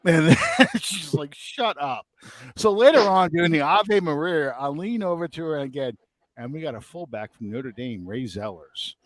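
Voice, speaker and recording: A man's voice: on the high side, normal speed. A middle-aged man, hosting a podcast and telling a story in casual chat, acting out the quotes he tells. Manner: animated, acts out quotes. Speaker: podcast host.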